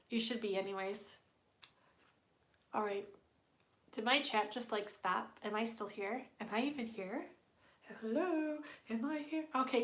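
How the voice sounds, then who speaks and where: Giggly high-voiced woman with a stuffy nose. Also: fairly bright tone, echoey room. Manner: playful and giggly, hums silly tunes. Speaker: tarot card reader. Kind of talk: casual live-stream chat.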